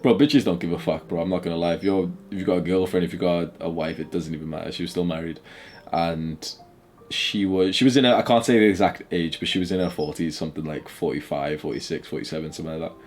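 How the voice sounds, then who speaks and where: A man's voice: deep voice, quick pace, a little mellow, a little hiss or hum. Blunt, crude man in his twenties. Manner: blunt, crude, laughs a lot. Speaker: channel host. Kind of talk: casual chat.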